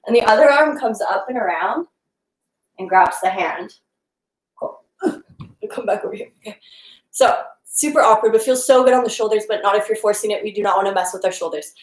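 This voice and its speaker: A young woman guides a live-streamed yoga class while moving along with it, her mid-pitched voice casual and encouraging. She sounds a little out of breath at times. The room around her is noticeably echoey. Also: normal speed, pauses often. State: slightly out of breath. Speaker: yoga instructor.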